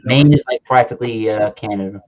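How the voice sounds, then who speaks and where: A man from Massachusetts with a Massachusetts accent, chatting casually as co-host, dry and quick to laugh. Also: lowish voice, a little mellow, muffled recording. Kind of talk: casual chat.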